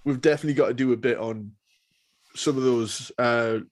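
A man's voice: medium pitch, a little fast. A man co-hosting a podcast, chatting enthusiastically with lots of fillers. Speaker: podcast co-host. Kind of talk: casual chat.

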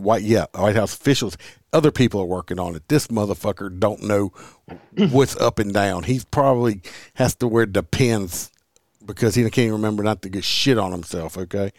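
A man's voice: on the low side, moderate pace, dry recording, clean studio sound. A man hosting a podcast, reading news aloud and ranting bluntly, with lots of profanity. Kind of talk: casual political talk.

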